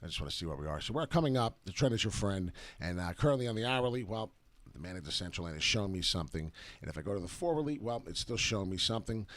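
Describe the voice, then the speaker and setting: A man hosting a live crypto chart breakdown, rambling and excitable, full of filler uhs, greeting viewers by name as he works. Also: on the low side, very fast, no echo. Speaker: crypto chart analysis livestream host.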